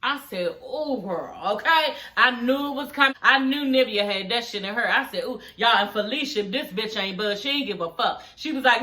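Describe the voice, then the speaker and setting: A woman's voice: on the high side, animated, moderate pace, pushed and bright, a little hiss or hum. A woman recapping a reality show for her viewers in a sassy, profane, chatty way. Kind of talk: casual recap chat.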